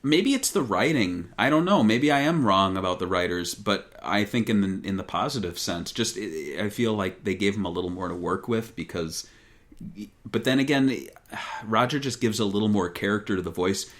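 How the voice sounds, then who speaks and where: A man co-hosting a podcast, chatting casually about games with a relaxed, hesitant manner. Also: fairly low pitch. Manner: relaxed, hesitant, does quick impressions. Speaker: podcast co-host. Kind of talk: casual chat.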